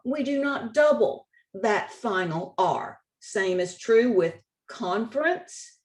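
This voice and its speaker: A woman walks an audience through spelling rules slide by slide, leaning on the key words. Her voice sits a little high and she takes her time, often repeating a point so it sinks in. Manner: slow, deliberate, stresses key words and rules; repeats points for emphasis, occasional restarts. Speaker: state spelling contest director. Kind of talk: slide-based instructional presentation.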